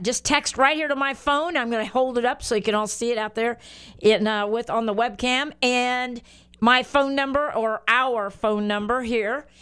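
Older American woman, radio host, upbeat and talkative, slightly high, smooth clean voice. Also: a bit bright. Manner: bubbly, chatty, reads out phone numbers and web addresses. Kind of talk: Christian radio talk show.

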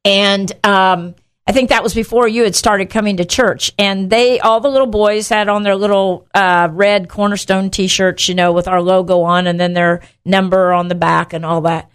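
A middle-aged woman co-hosting a Christian talk show, telling a story with lively asides and laughter. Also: medium pitch, normal speed, clean tone. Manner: animated storyteller, acts out voices, laughs often. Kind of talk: casual faith talk, storytelling.

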